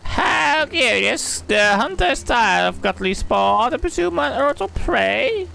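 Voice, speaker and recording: A shrill insect-like beastman, speaks in a strained, squeaky register far above a normal voice. His speech is stilted and formal. Game music plays steadily behind him. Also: sing-song, unhurried, creaky, sharp tone, exaggerated voice. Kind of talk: reading game dialogue aloud in voices.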